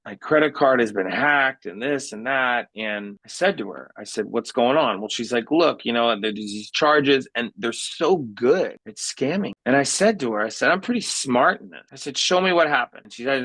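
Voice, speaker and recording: Guy giving a business talk, lowish voice, dry sound, tells stories, keeps restarting his sentences. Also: no room sound, rough recording. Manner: animated storytelling, many repeated starts. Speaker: keynote speaker. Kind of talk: conference talk with anecdotes. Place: meeting room.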